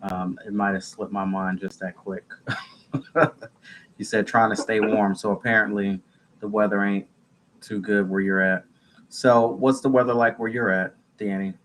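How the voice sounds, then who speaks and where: A man from New Jersey hosting a live podcast, relaxed and conversational. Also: on the low side, moderate pace, slight background noise. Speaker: podcast host.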